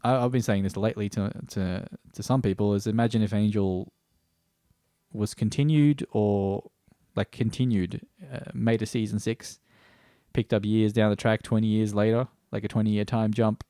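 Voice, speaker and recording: A man from Australia rambles his way through reviewing a TV series, swearing casually and often starting sentences over. He speaks low, at a moderate pace, with fairly even intonation and a dark, clean tone, in studio-quality audio with no room sound.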